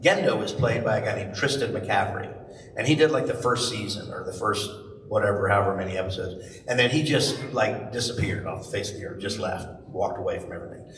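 Speaking a little fast, a middle-aged voice actor tells animated stories as a guest at a live convention Q&A, leaping into high voices for the people he quotes. The recording is distant and echoey, made in a large convention hall, with a faint hiss.

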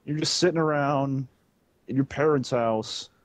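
A man playing a gruff, insulting middle-aged father on a prank call, blustering and stammering. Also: medium pitch, measured pace, dry recording, lightly acted. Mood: berating. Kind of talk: prank call role-play.

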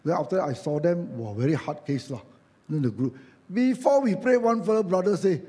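Joking Malaysian preacher man, lively. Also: fairly high pitch, normal speed. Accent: Malaysian English. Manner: conversational and joking, acts out quoted voices, tag questions. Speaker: church elder preaching. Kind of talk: sermon.

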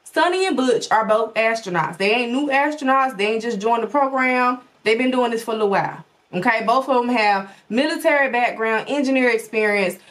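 A woman hosting her own show, talking casually and animatedly straight to her viewers, swooping her pitch for emphasis. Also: a little fast, hardly any pauses. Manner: animated, folksy, talks straight to her audience. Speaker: podcast host.

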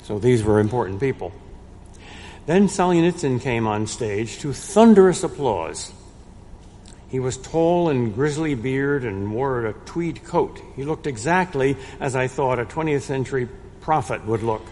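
An older man giving a prepared lecture in a measured way, with a dry, wry humor. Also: medium pitch, lively intonation, darkish tone, a little hiss or hum. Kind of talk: prepared lecture read aloud. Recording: long reverb in a large room.

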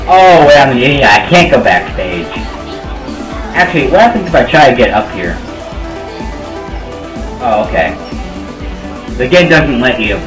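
A man's voice: mid-range voice, very animated, a little slow, long pauses, echoey room, over music, poor audio. A man with a sore throat giving rambling, self-mocking casual commentary while playing a game. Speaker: gamer.

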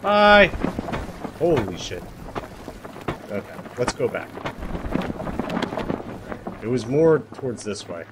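A young man livestreaming a survival game, chatting to his viewers with animated, self-mocking commentary, swearing and laughing as he goes. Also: mid-range voice, slow, long pauses, very noisy. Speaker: streamer. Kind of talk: live-streamed gameplay commentary.

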